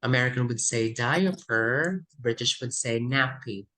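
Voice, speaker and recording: A woman runs a vocabulary lesson for test prep. She speaks slowly and deliberately, reading out word pairs and adding quick Tagalog asides. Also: a bass voice, a bit bright, poor audio. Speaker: English test coach.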